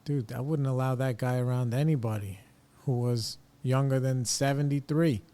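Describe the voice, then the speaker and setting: A man's voice: mid-range voice, steady tone, moderate pace, mellow. A middle-aged man hosting a podcast, ranting bluntly and casually in slangy opinionated talk. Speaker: podcast host.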